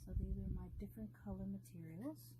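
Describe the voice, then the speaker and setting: A woman's voice: medium pitch, a little fast, background noise. A woman vlogging as she quilts, rambling and blunt, swearing freely as she works through her steps. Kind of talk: casual chat while crafting.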